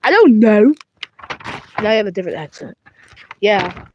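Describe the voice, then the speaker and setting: A woman's voice: medium pitch, lively intonation, normal speed, lo-fi sound, background noise. A young woman with a British accent voices two plush toys in a playful skit at home, bickering with herself and stumbling over her words. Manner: bickering back and forth between two characters in one voice; stumbling, restarting and rambling. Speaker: puppeteer voicing plush toys.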